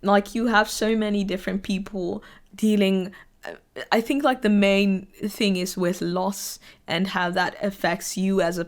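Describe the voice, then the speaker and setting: Woman vlogger rambling slow about anime, lots of likes and ums, gets teary and laughs. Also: mid-range voice. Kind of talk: casual chat.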